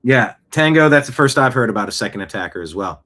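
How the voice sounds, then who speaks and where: A man's voice: on the low side, expressive, rapid-fire, pushed and bright. A man hosting his own show, giving opinionated news commentary full of indignant rhetorical questions. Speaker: show host.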